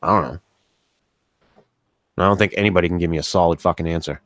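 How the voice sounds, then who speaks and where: A man's voice: deep voice, fast talker, no echo, clean studio sound. A man co-hosting a casual podcast chat, rambling with frequent restarts and plenty of swearing. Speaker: podcast co-host.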